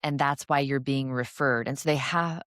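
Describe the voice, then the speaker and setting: A woman's voice: a bass voice, fairly even intonation, moderate pace, a bit bright, dry recording, clean studio sound. A woman co-hosting a casual professional podcast chat as an oral surgeon, talking freely and acting out quotes from patients and colleagues.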